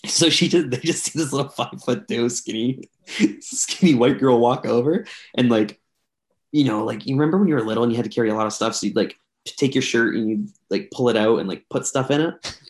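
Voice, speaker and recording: A man's voice: medium pitch, fairly quick. A young man from Canada, a podcast co-host, telling a long, rambling story to friends with lots of fillers. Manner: rambling, filler-heavy, chatty. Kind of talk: casual storytelling among friends.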